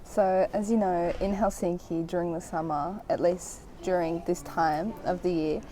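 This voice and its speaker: A woman's voice: fairly low pitch, steady tone, moderate pace, warm tone, a little hiss or hum, poor audio. A young woman from Australia chatting through a casual travel vlog, telling stories with lots of "like" fillers. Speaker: travel vlogger.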